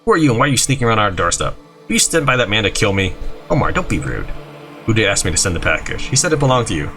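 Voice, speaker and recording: A man's voice: on the low side, very fast, music in the background. A man playing a video game and reading its dialogue aloud, jumping between voices and asides. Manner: animated, jumps between character voices and asides. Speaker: gaming YouTuber.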